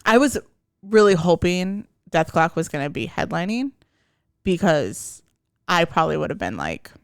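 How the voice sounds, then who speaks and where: A podcast co-host in casual chat, agreeable and quick to laugh. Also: mid-range voice, very animated, clear, resonant tone, dry recording, clean studio sound.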